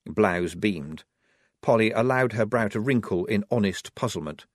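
Male narrator, wry and expressive, lively pitch, dry close recording. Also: moderate pace, no echo. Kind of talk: audiobook narration.

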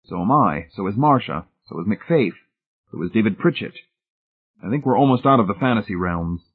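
A man voicing a decisive, commanding leader who speaks forcefully. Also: lowish voice, lively intonation, normal speed, breathy edge, voice pushed up. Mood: assertive. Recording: tinny phone-like sound.

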